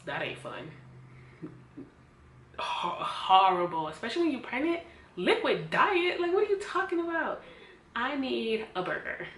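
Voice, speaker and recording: A woman vlogger tells her own story straight to camera, bringing each remembered voice to life as she goes. Her tone is emotional, at moments close to tears. The room is echoey, with a faint hiss of background noise. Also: mid-range voice. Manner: animated storytelling, acting out quotes. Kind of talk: personal storytime vlog.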